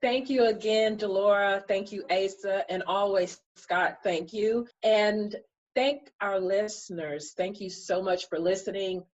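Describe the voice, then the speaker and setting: A woman's voice: mid-range voice, steady tone, a little slow, highs cut off. A woman hosting a podcast, closing the episode in a brash, playful way. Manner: brash, playful, thanks guests. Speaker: podcast host. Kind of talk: casual podcast outro.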